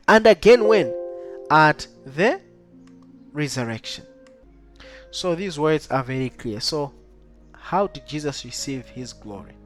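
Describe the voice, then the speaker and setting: A man teaching a Bible study lesson, reading verses aloud and keeping up a steady stream of rhetorical questions to his listeners. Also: sits high. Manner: keeps asking the listener rhetorical questions like "right?" and "what?"; reads scripture aloud in old-style wording.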